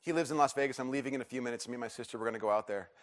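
A middle-aged male pastor delivers a sermon to a church congregation. He tells personal stories with lots of restarts and swings from quiet, low reflection up to loud, pleading questions. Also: very fast. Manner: animated storytelling, restarts and rising emphatic questions. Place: church service.

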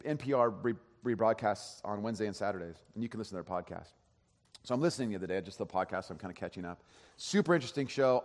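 A man giving a sermon as pastor, telling a story in a conversational way with frequent restarts. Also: medium pitch. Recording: long hall reverb.

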